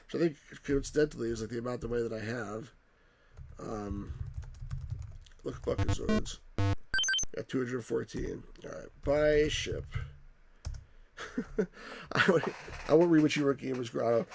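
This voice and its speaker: A man's voice: mid-range voice, normal speed, vocal fry, pauses often, a little mellow. A man hosting a let's play, rambling casually as he reads game text and chat aloud.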